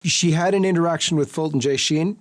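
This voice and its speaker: A man's voice: on the high side, a little fast. A man hosting an interview, reading a channel plug and asking leading questions. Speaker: interview host.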